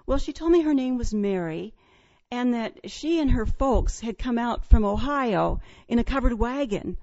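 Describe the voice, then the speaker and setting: A woman from Iowa recounts a childhood ghost encounter in an earnest, halting voice, with many restarts and pauses. Her voice sits a little high. The recording sounds dull and lo-fi. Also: expressive, darkish tone. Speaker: storyteller. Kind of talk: personal ghost story telling.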